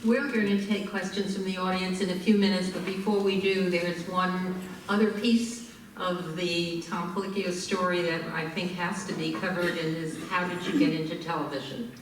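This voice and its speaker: A woman hosting a live stage interview, putting questions to her guest at a measured pace. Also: lowish voice, fairly even intonation, a little hiss or hum. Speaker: interview host. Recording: very echoey hall, from far off.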